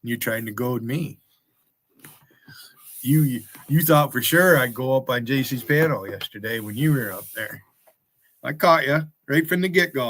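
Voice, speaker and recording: A man's voice: mid-range voice, a bit bright, dry recording, clean studio sound. An American man hosting a livestream, taunting and swearing at people in his chat in a mocking rant. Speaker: livestream host. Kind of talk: profane rant at chat viewers.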